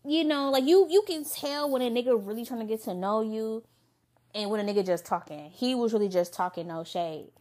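A young woman hosting a podcast, telling a dating story in a candid, profane, casual way with quick asides. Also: fairly high pitch, darkish tone. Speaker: podcast host.

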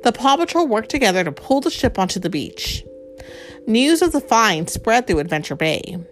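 A woman reading a picture book aloud to a child, gently explaining words and asking questions along the way. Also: on the high side, big pitch swings, normal speed, faint music behind. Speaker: storyteller.

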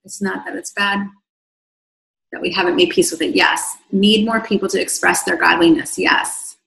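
A woman's voice: on the low side, fairly even intonation, normal speed, creaky, fairly bright tone, roomy sound, poor audio. A woman hosting a livestream as an online coach, reading viewer comments aloud and answering in an effusive, rambling way, her voice starting to fade after a long session. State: voice fading from long talking.

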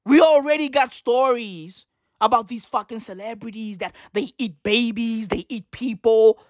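A woman giving excitable, profane reaction commentary, repeating slang fillers. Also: on the high side, moderate pace, dry recording, clean studio sound.

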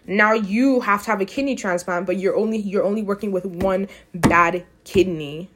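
A woman's voice: medium pitch, moderate pace, background noise. A young woman giving an emphatic, opinionated talk in a casual way, often restarting her sentences.

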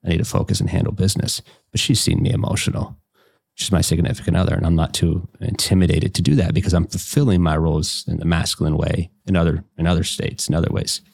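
A man's voice: low-pitched, fairly even intonation, fast talker, creaky, a little mellow, husky. A man from West Virginia with an Appalachian accent, chatting casually as a life coach, folksy and blunt, with double negatives and swearing. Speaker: life coach and podcast guest. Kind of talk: casual conversation.

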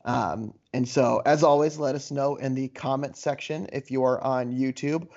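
A man in an easygoing chat, co-hosting a podcast and trading jokes. His voice sits at an ordinary pitch. The recording is a bit dull and lo-fi. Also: steady tone, normal speed, vocal fry, a little mellow. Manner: laid-back, joking. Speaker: podcast co-host. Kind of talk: casual chat.

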